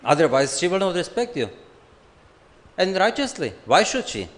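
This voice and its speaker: A man giving an unhurried, joking scripture class, acting out bits of family dialogue. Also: high voice, very animated. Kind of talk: sermon. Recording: long hall reverb.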